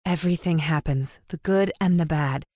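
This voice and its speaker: A woman voicing a calm, detached woman healer in a storybook, quick and to the point yet soothing. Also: low voice, no room sound, studio quality.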